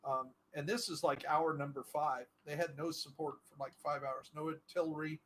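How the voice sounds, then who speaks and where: A man's voice: a little high, steady tone, moderate pace, a bit bright, a little hiss or hum, rough recording. A middle-aged man chatting casually while playing a game, telling a long story with many fillers and restarts. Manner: rambling, full of fillers and restarts. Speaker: gaming streamer.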